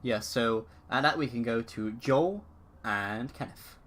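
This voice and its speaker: A man's voice: medium pitch, unhurried, a bit bright. A man narrating a tabletop horror game as game master in a casual, loose way. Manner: casual, laughs easily, loose descriptive narration.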